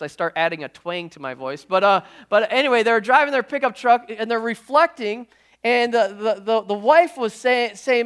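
Man preaching with lively restarts. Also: high voice, smooth. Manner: jokey asides to the congregation. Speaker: pastor. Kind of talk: sermon.

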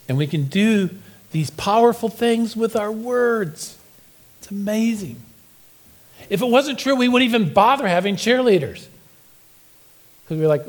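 Man, middle-aged, pastor, humorous sermon, high-pitched, playful storyteller. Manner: playful storytelling, acts out quotes. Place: church sanctuary.

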